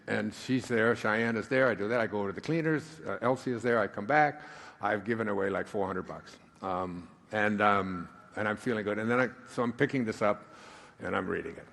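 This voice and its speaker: A man giving a live spiritual talk, who tells a rambling personal story and then reads aloud slowly and with emphasis. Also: lowish voice, gravelly, a bit bright, slight background noise. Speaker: spiritual speaker. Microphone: handheld microphone.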